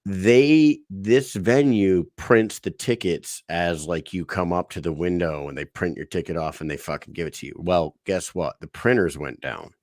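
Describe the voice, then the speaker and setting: A man co-hosting a podcast, telling stories in a casual, animated way with lots of swearing and acted-out quotes. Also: low-pitched, moderate pace, hardly any pauses, dry recording, studio quality. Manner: animated storyteller, swears a lot, acts out quotes. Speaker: podcast co-host. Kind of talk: casual chat.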